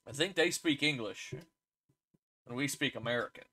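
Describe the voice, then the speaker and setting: Man, Oklahoma accent, bright tone, joking podcast co-host, casual chat. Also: medium pitch, moderate pace. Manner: joking, teasing banter.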